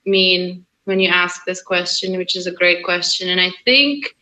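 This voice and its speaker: A woman's voice: fairly low pitch, unhurried, pushed and bright, low-quality recording. A young woman with a light Russian accent, an actress guest on an interview podcast, talking in an earnest, emphatic way and often repeating phrases. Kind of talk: casual interview chat.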